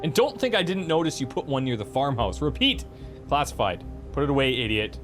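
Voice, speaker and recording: A man's voice: medium pitch, expressive, fairly quick, music in the background, natural voice. A man voicing an uptight, exasperated male co-founder who scolds his partner in an indignant tone.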